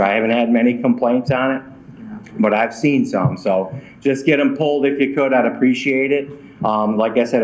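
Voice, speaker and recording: A man giving public reminders at a city council meeting, casual and a bit self-deprecating. His voice sits at an ordinary pitch. It carries the echo of a roomy council chamber. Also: a little mellow. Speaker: city ordinance department official.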